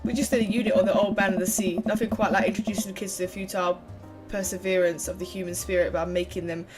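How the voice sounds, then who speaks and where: A woman reading a harried young male middle school teacher's dialogue aloud in a put-on London street accent, brisk and clipped. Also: mid-range voice, level tone, over loud music, lightly acted. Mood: dry.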